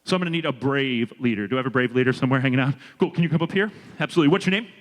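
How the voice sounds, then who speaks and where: A man giving an energetic motivational leadership talk to students, drawing the audience in. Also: medium pitch, rapid-fire. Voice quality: energetic, animated and audience-engaging. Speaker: leadership speaker. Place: large hall with a student audience. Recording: reverberant hall with a long echo.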